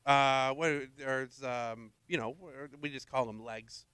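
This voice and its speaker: A radio co-host playing a brash, bragging Boston sports fan with a thick Boston accent, in comic banter. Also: male voice, mid-range voice, steady tone, slow pace, sharp tone, clear, resonant tone, dry recording, pitched below the performer's own voice. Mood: cocky. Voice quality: bragging, streetwise.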